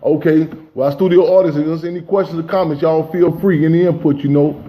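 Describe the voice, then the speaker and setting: A man's voice: fairly high pitch, steady tone, fast, mellow, a little hiss or hum. A man hosting a political talk radio show, speaking with passion and often saying "you know what I'm saying".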